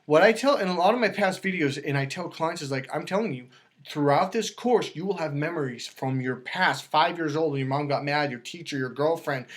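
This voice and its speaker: A man talking as a dating coach, emphatic and lively, acting out quoted voices as he explains. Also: fairly high pitch, fairly quick. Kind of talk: animated coaching talk.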